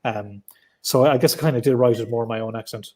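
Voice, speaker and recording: A man's voice: mid-range voice, quick pace, dark tone. Chatty Irish man on a video call. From Ireland. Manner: chatty and loose, with many restarts and filler words. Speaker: guest comic writer. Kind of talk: casual interview over video call. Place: his apartment at home. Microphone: laptop on a video call.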